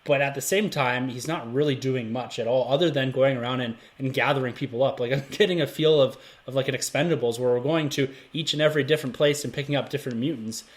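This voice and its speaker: A man's voice: medium pitch, quick pace, hardly any pauses. A man hosting a podcast, leading a casual movie review chat and asking his co-hosts questions. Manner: leads the talk, asks the others questions. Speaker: podcast host.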